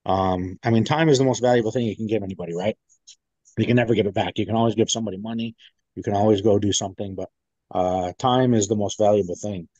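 A man's voice: fairly low pitch, quick pace, darkish tone, no room sound, highs cut off. A man, a military veteran, telling a long story in a casual interview, rambling with many fillers and restarts. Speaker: guest, veteran.

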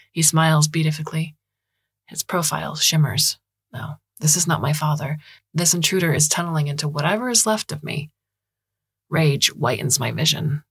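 Low, husky woman narrating a story. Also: normal speed, no echo, studio quality. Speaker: audiobook narrator.

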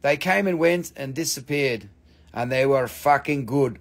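Excitable, profane crystal seller. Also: male voice, mid-range voice, unhurried. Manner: excitable, profane sales patter. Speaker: host selling crystals. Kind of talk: live sales stream.

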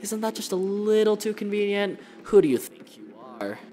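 A man's voice: mid-range voice, normal speed, over music, close to an everyday voice. A man voicing a vengeful female shadow spirit with a knife, in a cold, taunting read over a noisy mic.

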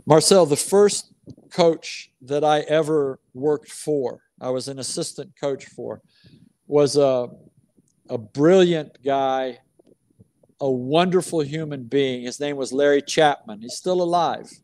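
Measured American coach, slow and emphatic. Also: male voice, fairly high pitch, a little mellow. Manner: slow, deliberate, emphatic phrasing with pauses. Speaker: basketball coach, interview guest. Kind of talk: reflective storytelling answers.

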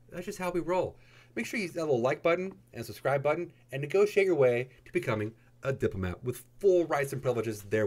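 A man hosting a casual game news video, playful and jokey, his voice jumping into high excited squeals. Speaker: gaming YouTuber host.

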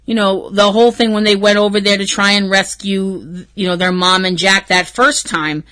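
A woman's voice: medium pitch, level tone, moderate pace, fairly bright tone. A woman hosting a fan podcast, giving a casual, emotional episode recap full of gushing and swearing. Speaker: podcast host.

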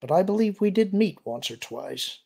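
A man's voice: high voice, sing-song, moderate pace, vocal fry, mellow, breathy edge, pitched above the performer's own voice, heavily acted. A man voicing a mysterious male visitor who speaks in an assured, persuasive way.

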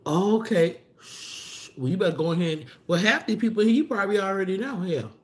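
A woman hosting a casual livestream, chatting loosely and reading out viewer comments, her voice jumping up as she greets people. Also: fairly quick. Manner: chatty, reads and answers viewer comments aloud, loose slangy talk; animated, pitch jumps up for greetings. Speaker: livestream host. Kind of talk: casual live-stream chat with viewers.

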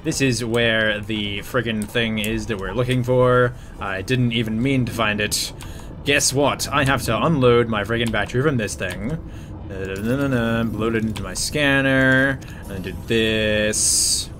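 Excitable young man commenting on gameplay. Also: medium pitch, a little slow. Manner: excitable, jokey, yelps and mutters while playing. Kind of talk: casual let's-play commentary.

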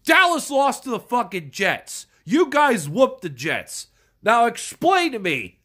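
In a slow, mid-range voice with wildly swooping pitch, a furious fan vlogger swears and shouts about their team. A cold leaves them sounding stuffed up throughout the angry rant.

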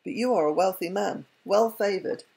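A woman's voice: medium pitch, normal speed, vocal fry, dark tone, breathy edge. A woman voicing a poor, humble old man, a merchant who speaks courteously in a storybook reading.

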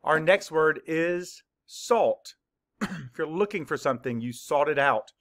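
A man teaching a spelling lesson to young children, dictating words slowly and clearly, sound by sound. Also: a little high, expressive, a bit bright. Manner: slow, clear word-by-word dictation.

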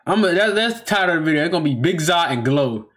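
Animated, chatty man reacting to a video. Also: on the high side, quick pace. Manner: chatty, slangy, repeats himself and stops the video to comment. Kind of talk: casual reaction commentary.

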